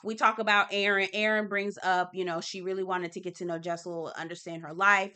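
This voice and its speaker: Female recap host: bright, forceful delivery, sassy and profane, casual review. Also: mid-range voice.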